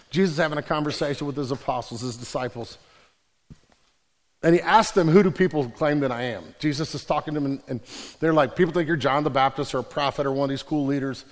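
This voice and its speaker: A man preaching a sermon as pastor, casual and joking, then building to emphatic declarations. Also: mid-range voice. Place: large church hall. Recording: reverberant church hall.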